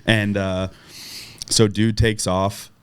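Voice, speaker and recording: A middle-aged man from Southern California casually telling a profane story as a podcast guest, acting out quotes loudly. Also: on the low side, level tone, slow pace, over a noisy crowd.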